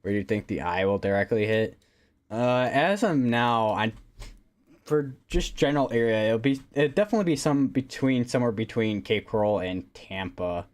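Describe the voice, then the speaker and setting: A man's voice: mid-range voice, lively intonation, normal speed. A man hosting a live weather stream, talking casually and rambling with lots of fillers and restarts. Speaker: livestream weather host.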